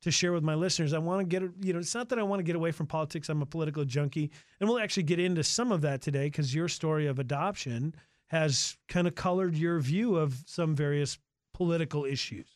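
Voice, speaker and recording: A man hosting a radio talk show, chatting with a studio guest in a halting, filler-heavy way. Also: on the high side, dry recording. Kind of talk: casual radio interview. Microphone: studio microphone.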